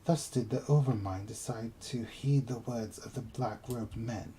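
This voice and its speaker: A man reading aloud as a formal insect-tribe elder in a video game, using a put-on British accent and a slow, stately delivery. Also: medium pitch, warm tone, slight background noise, close to an everyday voice, rough recording. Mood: solemn.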